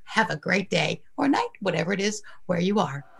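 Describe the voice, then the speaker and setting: A woman's voice: fairly low pitch, lively intonation, moderate pace, vocal fry. Effusive woman podcast host. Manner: effusive, encouraging, emphatic. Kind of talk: upbeat interview wrap-up.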